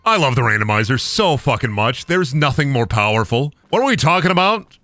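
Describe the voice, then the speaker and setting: A young man streaming a game, excitable and profane, laughing often. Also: fairly high pitch, measured pace, slight background noise. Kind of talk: casual gameplay commentary.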